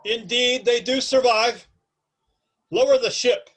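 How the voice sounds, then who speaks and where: A man's voice: very high voice, steady tone, slow, fairly bright tone, pitched above the performer's own voice, exaggerated voice. A man voicing a stern, commanding male airship captain who speaks in grandiose tones.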